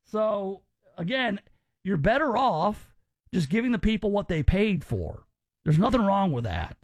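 A man's voice: sits high, sing-song, a little slow, dry recording. A man hosting a talk radio show, chatting casually and rambling with restarts.

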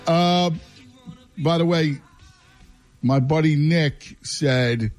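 A man co-hosting a sports radio show, reading a promo and then telling a story in lively, jokey banter. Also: a little high, unhurried, pauses often, faint music behind.

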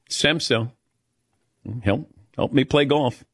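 A middle-aged male radio host telling a story in a casual, chatty way, often mocking himself and laughing between lines. His voice sits at an ordinary pitch for a man and comes across close and dry on a studio mic. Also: fairly bright tone, no room sound. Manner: chatty, self-mocking anecdote teller who laughs often. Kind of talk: casual talk-show storytelling.

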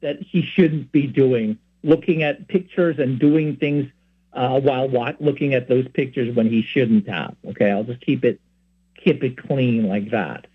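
A man's voice: mid-range voice, a little slow, husky. A man from San Francisco who hosts a Catholic program, giving rambling, earnest spoken teaching with many asides. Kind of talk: informal spoken teaching and personal story. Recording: tinny phone-like sound.

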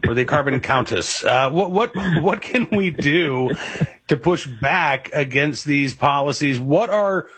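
A man's voice: on the high side, lively intonation, unhurried, a bit bright, breathy edge, no echo. A man hosting a radio talk show, interviewing a guest in a conversational way with frequent fillers.

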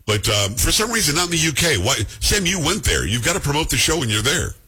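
A middle-aged man hosts his talk radio show from the studio, talking fast and bantering loosely with quick jokes. His voice is bright with a slightly husky edge. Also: fairly high pitch, very animated. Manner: chatty, joking, quick asides.

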